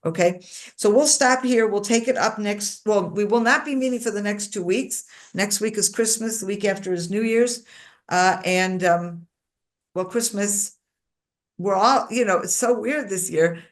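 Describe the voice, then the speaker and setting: A woman's voice: medium pitch, a little slow. A woman leading a Bible study class, reading verses aloud and then explaining them in a chatty, informal way. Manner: conversational, with frequent fillers and asides to the class. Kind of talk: interactive class lecture.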